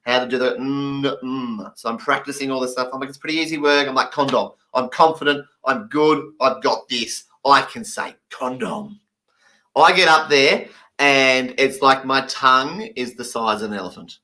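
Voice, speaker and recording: A man voicing a stand-up comedy routine in a lively, emphatic, playful way. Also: mid-range voice, normal speed.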